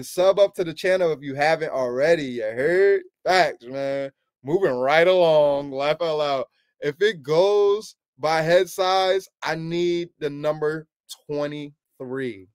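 A man hosting a sneaker channel, chatting casually with his viewers in animated slangy banter and laughing often. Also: fairly high pitch, slow pace, clear, resonant tone, no echo, clean studio sound. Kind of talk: casual streaming chat.

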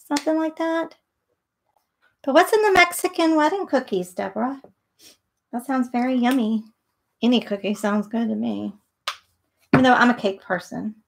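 Gravelly-voiced chatty middle-aged woman. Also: on the high side. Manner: chatty, rambling, thinks aloud. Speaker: painting tutorial host. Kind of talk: live painting demo with casual chat.

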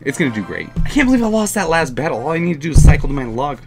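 A man giving live commentary over his own mobile game match, excitable and chatty, often repeating himself and cheering or groaning at the action. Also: on the high side, racing, music in the background. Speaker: gaming YouTuber.

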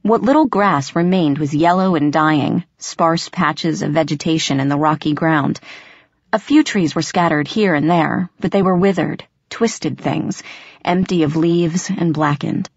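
A woman reading a first-person fantasy audiobook in steady, measured storytelling narration. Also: low-pitched, no echo, lo-fi sound.

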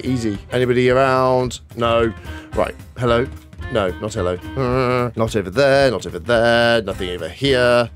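A man giving casual gameplay commentary, chatty, self-mocking and easily exasperated. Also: mid-range voice. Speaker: gaming YouTuber. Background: faint background music.

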